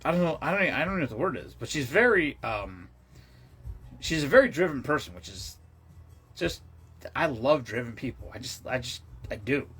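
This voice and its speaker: A man with a husky voice chats casually on a charity livestream. He rambles, swears freely and often restarts or trails off mid-sentence, at a medium pitch. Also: sing-song, moderate pace, a bit bright, soft background music.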